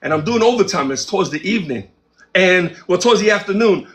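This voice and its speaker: High-voiced man telling a story. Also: fast talker. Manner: animated, acts out quoted dialogue. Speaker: interview guest, music producer. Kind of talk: casual storytelling.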